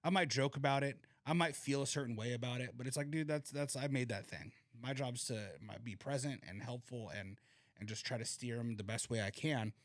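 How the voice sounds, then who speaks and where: This podcast co-host speaks briskly in a mid-range voice, recorded clean in a studio with no room sound. He swaps stories in easygoing chat, swearing a lot and laughing often.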